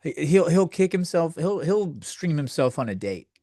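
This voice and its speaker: A man's voice: on the high side, very animated, normal speed, warm tone, dry recording, studio quality. A man hosting a comedy podcast, ranting in a crude, sardonic, rambling way. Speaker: podcast host. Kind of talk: comedic rant.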